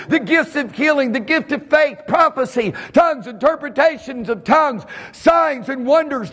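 A male pastor preaching a sermon at a church service. He preaches fervently, jumps from sudden shouts to a low, quiet voice, and chuckles between phrases. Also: long reverb tail.

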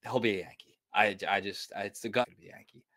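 A man's voice: lowish voice, fairly even intonation, quick pace, pushed and bright, dry recording. A man co-hosting a baseball podcast in a casual chat, speaking emphatically and repeating phrases. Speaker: podcast co-host.

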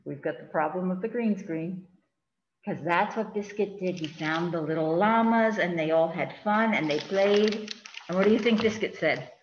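A woman librarian reading a picture book aloud to children in an animated, chatty way, asking them questions, in front of a green screen. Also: fairly low pitch, normal speed, roomy sound, highs cut off, a little hiss or hum.

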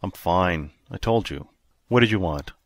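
A man voicing a wounded, feverish male spaceship captain who grumbles low and stubbornly in an audiobook. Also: expressive, measured pace, no room sound, clean studio sound. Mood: grumbling. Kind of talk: audiobook character reading.

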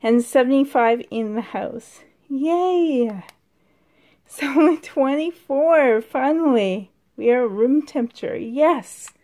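Slow-talking, excitable woman vlogger. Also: high-pitched. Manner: excitable, chatty, drops to whispers. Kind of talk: casual vlog chat. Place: dim room at home, indoors. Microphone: handheld camera.

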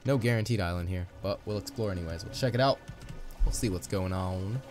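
A man's voice: fairly low pitch, a little fast. Chatty young man over game music. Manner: chatty, upbeat, playful asides. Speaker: let's play host. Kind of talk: casual gameplay commentary. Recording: music playing underneath.

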